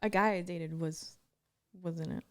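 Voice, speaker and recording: A woman's voice: on the low side, fairly even intonation, normal speed, a crowd in the background. A woman co-hosting a podcast in casual chat, giggling often and chatting easily. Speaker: podcast co-host.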